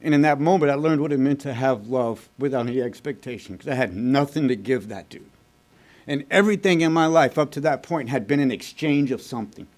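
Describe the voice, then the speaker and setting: A man from Texas telling his recovery story to a meeting in a blunt, profane, fast-moving way. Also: medium pitch, darkish tone. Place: recovery group meeting room.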